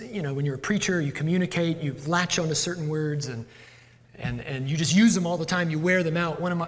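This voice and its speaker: A male pastor preaching a sermon in a church, conversational and self-deprecating. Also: fairly high pitch. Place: church sanctuary. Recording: long church hall reverb.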